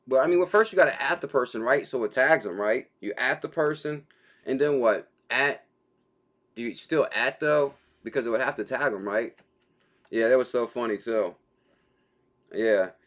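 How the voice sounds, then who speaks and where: A man's voice: mid-range voice, normal speed, a bit bright. A man hosting a daily crypto livestream, chatting casually and reading out viewer comments, with a laid-back, slangy manner and easy laughter.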